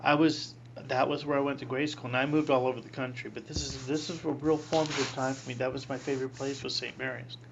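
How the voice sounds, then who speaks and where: A man in his sixties, a priest, telling a personal story in an interview, animated, acting out voices and laughing often. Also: mid-range voice, fast talker, creaky, few pauses, lo-fi sound, background noise.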